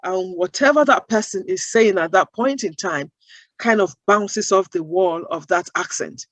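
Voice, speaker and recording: A woman's voice: medium pitch, moderate pace, fairly bright tone, no room sound, poor audio. Woman interview guest, earnest and emphatic, dry close sound. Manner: emphatic, builds points with rhetorical questions. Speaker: guest, accent-bias advocate. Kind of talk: interview answers.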